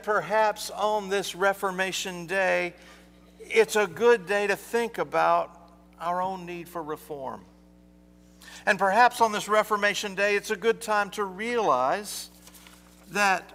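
Male pastor, gravelly voice with a fairly high pitch, slow storytelling sermon, long hall reverb. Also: bright, forceful tone, slight background noise. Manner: slow, storytelling delivery with deliberate pauses. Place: church.

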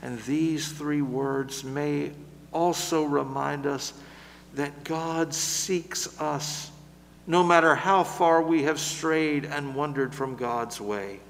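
A man preaching a sermon in a slow, measured way, building louder through lists and then dropping to a soft, gentle close. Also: fairly high pitch, creaky, big-room sound, a little hiss or hum.

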